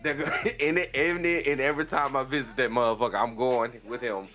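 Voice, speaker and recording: A man co-hosting a podcast, excitable and laughing loudly, often calling out to listeners. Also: medium pitch, moderate pace, soft background music. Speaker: podcast co-host. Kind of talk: casual podcast chat.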